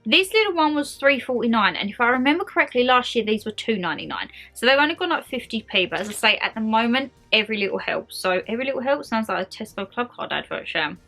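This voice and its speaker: Bubbly bright-voiced woman vlogging. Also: fairly high pitch, fast talker, hardly any pauses. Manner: bubbly, rambling, gushing with excitement. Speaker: lifestyle vlogger showing a shopping haul. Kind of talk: chatty haul vlog.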